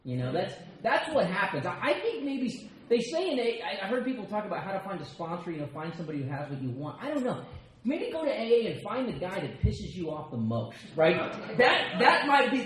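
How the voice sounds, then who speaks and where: An American man giving a personal share at a recovery meeting, telling stories with quick asides and self-mocking humor. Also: high-pitched, sing-song, fairly bright tone. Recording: very echoey room with faint ambience.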